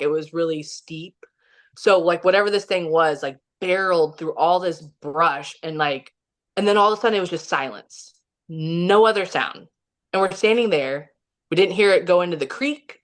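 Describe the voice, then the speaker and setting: A woman from Missouri telling a personal story as a podcast guest, animated and full of "like" fillers. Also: on the low side. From Kansas City, Missouri. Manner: animated, many "like" fillers, laughs often. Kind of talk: casual storytelling interview.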